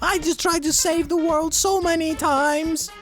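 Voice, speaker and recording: A cheery cartoon plumber hero, as a man puts him on for laughs chirps in a squeaky voice pitched extremely high. He stretches his words out slowly and theatrically. The whole thing is a goofy, deliberately over-the-top impression. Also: steady tone, fairly bright tone, soft background music. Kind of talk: jokey podcast banter.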